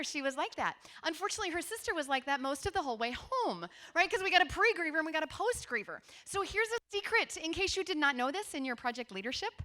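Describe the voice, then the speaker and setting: A woman in her forties giving a conference workshop talk, telling stories in a lively, conversational way with asides to her audience. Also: high voice, quick pace, hardly any pauses. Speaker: workshop presenter. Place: conference room with a seated audience.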